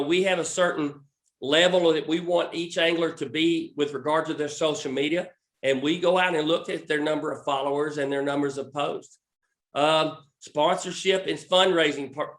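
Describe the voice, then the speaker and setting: A man with a Southern American accent, a fishing recruiting scout, explaining a recruiting program in a halting way full of restarts and fillers. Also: fairly high pitch, fairly bright tone, echoey room.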